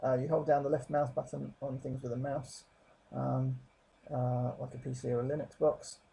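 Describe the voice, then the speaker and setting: A man talking through a software tutorial at his desk, rambling and correcting himself with many fillers. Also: medium pitch, little pitch movement, normal speed, gravelly, rough recording. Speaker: tutorial presenter. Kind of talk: screen-capture software tutorial.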